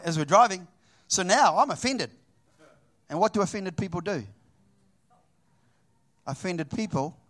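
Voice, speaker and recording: With a high voice, a middle-aged New Zealander delivers a sermon built around a personal anecdote, acting out both parts of the dialogue with plenty of animation.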